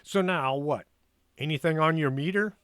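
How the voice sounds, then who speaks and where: A man's voice: on the high side, normal speed, fairly bright tone, smooth, no echo, pitched above the performer's own voice, close to an everyday voice. Male narrator putting on a nervous, protesting man; dry close sound. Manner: whiny, protesting.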